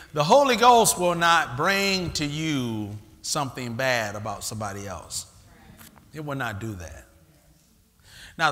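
A man's voice: medium pitch, bright, forceful tone. A man preaching a sermon, calling out to the congregation and acting out church members. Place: large church hall. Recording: live church recording with long hall reverb.

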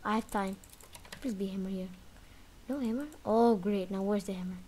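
A woman giving lively commentary while playing a video game, taunting the chaser and yelping when it gets close. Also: mid-range voice, moderate pace, slight background noise. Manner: animated, talks trash to the game's chaser, sudden yelps and shrieks. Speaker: gaming video creator. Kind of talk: live gameplay commentary.

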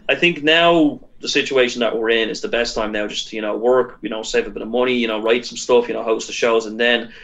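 Fast-talking man chatting as a comedian. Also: medium pitch, highs cut off. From Ireland. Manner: chatty, animated storytelling with lots of fillers. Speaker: stand-up comedian and guest. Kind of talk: casual interview chat.

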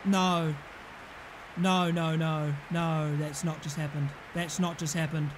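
A young man commentating his own football video game, excitable, groaning and then yelling at the play. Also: on the high side, slow pace, background noise. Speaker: gaming commentator. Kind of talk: live gameplay commentary.

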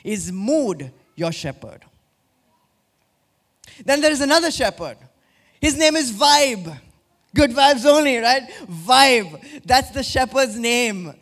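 Male pastor, young adult, high-pitched, interactive sermon delivery with playful questions. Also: lively intonation, a bit bright. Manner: interactive preaching with questions to the congregation; drops low and slow for emphasis.

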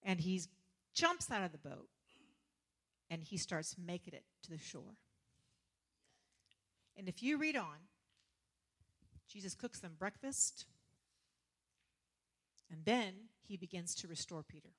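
A woman preacher, giving a lively sermon full of laughter, casual slang and sarcastic humor. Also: fairly low pitch, a little slow, pauses often.

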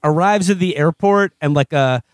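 A man's voice: fairly high pitch, moderate pace, no room sound. A man co-hosting a comedy podcast, rambling through a TV review with frequent laughs and restarts. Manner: rambling, laughing, doing mock voices of characters. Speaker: podcast co-host. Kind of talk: casual comedic review chat.

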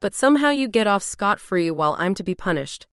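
A bitter young man who snarls accusations and demands that others take the blame, as a woman narrator reads him. His voice comes through smooth and clear over a close, dry audiobook mic, with middling pitch. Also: very animated, a little fast, no echo. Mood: resentful.

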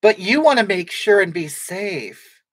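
A woman performs a brash, boozy livestreamer who rambles through viewer comments and snaps back with sarcasm. Her mid-pitched voice sounds dry and close to the mic. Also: animated, a little slow, slightly rough, no echo. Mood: snarky. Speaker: livestream comedy character. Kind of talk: improvised comedic livestream chat.

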